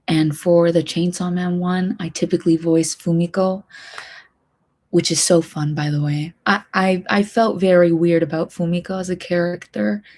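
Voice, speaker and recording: Breathy soft-spoken young woman. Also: fairly low pitch. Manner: rambling, drifting in and out of whisper. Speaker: streamer and hobby voice actor. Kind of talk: soft-spoken casual chat stream.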